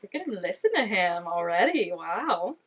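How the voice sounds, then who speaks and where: A woman in her twenties giving chatty, animated reaction commentary while watching an episode, with lots of "like" fillers. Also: fairly low pitch, moderate pace, slightly rough. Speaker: reaction channel host.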